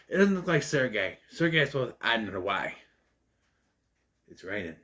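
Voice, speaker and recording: A man's voice: medium pitch, normal speed, long pauses. Young guy rambling through a movie review, voice jumps up and down a lot. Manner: rambling, self-correcting, animated. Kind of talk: casual spoken film review.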